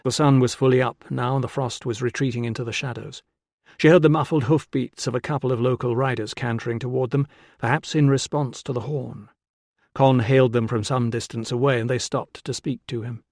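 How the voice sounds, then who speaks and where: Recorded close and dry in a studio with no room sound, a man reads scripted audiobook narration. His voice is medium in pitch, and his storytelling stays even and measured.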